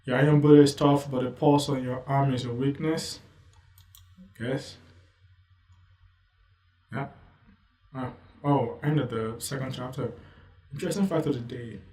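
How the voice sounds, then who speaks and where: Casual male reviewer, mellow tone, loose asides, slightly distant mic. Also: medium pitch, steady tone, measured pace, pauses often, reverberant. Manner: rambling, loose, full of "you know" asides. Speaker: manga reviewer. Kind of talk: casual commentary.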